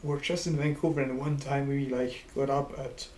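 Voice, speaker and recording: A man co-hosting a podcast, telling a story in relaxed, halting casual chat. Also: medium pitch. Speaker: podcast co-host. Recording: echoey room with faint noise.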